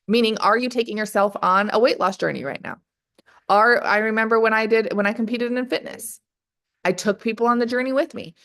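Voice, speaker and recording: A woman leading a motivational training call for her sales distributors, energetic and full of rapid rhetorical questions. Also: on the high side. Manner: energetic, keeps calling the audience "you guys".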